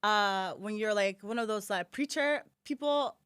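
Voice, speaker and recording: A woman's voice: mid-range voice, a little slow, clear, resonant tone. A young American woman chatting casually as a guest, telling stories with lots of restarts and "like". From United States. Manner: animated storytelling with many restarts and "like". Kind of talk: casual chat.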